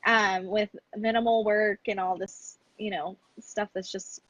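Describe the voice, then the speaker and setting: Woman coach chatting in an interview, kinda husky, dry close sound, laughs a lot. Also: medium pitch, steady tone, measured pace, a bit bright, no echo, low-quality recording. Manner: candid, laughs often, acts out her own past lines. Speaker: business coach for moms. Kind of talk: casual interview conversation.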